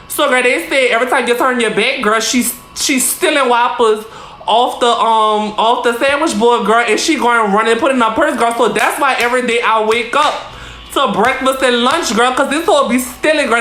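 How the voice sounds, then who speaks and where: Woman, fairly high voice, casual storytime, swears a lot, keeps saying girl, roomy echo. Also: fairly bright tone. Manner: chatty, profane, keeps calling the listener girl. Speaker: vlogger.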